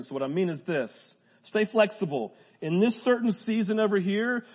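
A man's voice: high-pitched, highs cut off. A young man preaching a casual, joking sermon to a live congregation. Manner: casual, joking, talks straight to the crowd. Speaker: pastor. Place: church hall with a live congregation.

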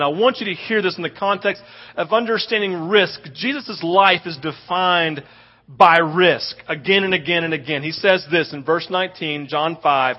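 A man preaching a sermon as a pastor, animated and acting out little scenes in quoted voices. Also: on the high side. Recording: dull lo-fi audio.

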